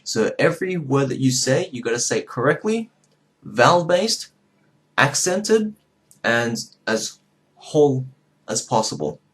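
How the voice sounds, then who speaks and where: A man from southern Vietnam giving a casual video lesson as a language teacher, talking loosely with many fillers and swinging his pitch up and down to show tones.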